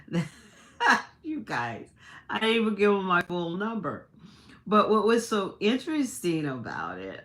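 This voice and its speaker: A low-voiced woman with a fairly bright tone tells a personal story on her livestream. Her storytelling is chatty and casual for a live audience, with frequent laughter and restarted sentences.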